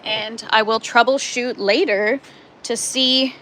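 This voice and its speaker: A woman's voice: fairly high pitch, steady tone, slow, background noise. A woman hosting a casual home livestream from her grow tent and kitchen, chatting, laughing often and greeting viewers by name. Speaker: livestream host.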